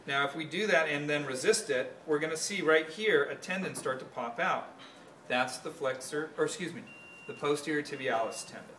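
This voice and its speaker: A man's voice: on the high side, moderate pace, sharp tone. Man teaching anatomy in an echoey classroom. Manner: explanatory, correcting himself mid-sentence. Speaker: instructor. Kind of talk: hands-on anatomy demonstration. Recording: echoey classroom from far off, faint noise.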